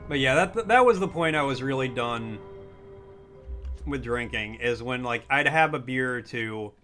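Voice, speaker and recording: A chatty man hosting a casual gaming stream, talking loosely and easily at a middling pitch. Faint music plays under his voice. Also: lively intonation, measured pace, sharp tone. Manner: chatty and loose, reads chat aloud.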